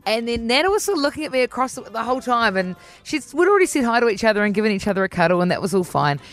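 Animated New Zealand woman telling a story. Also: rapid-fire. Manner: animated, acts out quoted voices with big pitch jumps. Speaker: radio host. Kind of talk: casual storytelling chat.

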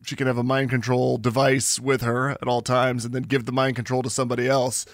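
A man's voice: medium pitch, flat delivery, a little fast, dry recording, clean studio sound. A man co-hosting a podcast in casual chat, rambling and giggling, often trailing off mid-thought. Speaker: podcast co-host.

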